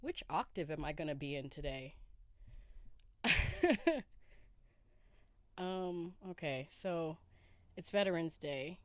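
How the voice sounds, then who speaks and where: A tired woman in her forties talks into her podcast in a groggy morning voice, relaxed and a little giggly, with slang and the odd swear. Her voice sits slightly low. The sound is close and dry, recorded inside a camper van. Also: moderate pace, no echo. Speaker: podcast host. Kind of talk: casual solo podcast chat.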